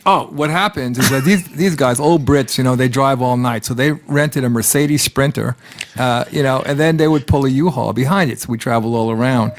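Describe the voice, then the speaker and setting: A man chats on a radio show as a musician guest. He tells road stories in a relaxed way, chuckling as he goes. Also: mid-range voice, normal speed. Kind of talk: casual anecdote chat.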